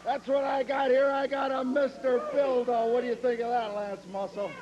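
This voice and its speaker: A man's voice: very high-pitched, little pitch movement, moderate pace, darkish tone, lo-fi sound. A man cutting a boastful wrestling promo, cocky and mocking, laughing at his own jokes.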